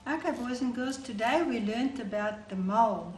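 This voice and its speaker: A woman's voice: on the high side, expressive, reverberant, faint music behind. A woman telling a Bible story to children as a storyteller. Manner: slow, warm-toned teaching to children. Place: church hall.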